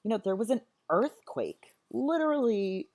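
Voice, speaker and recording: A woman's voice: a little high, big pitch swings, moderate pace, darkish tone. A woman teacher explaining a play in a chatty, enthusiastic way. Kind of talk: recorded literature lesson.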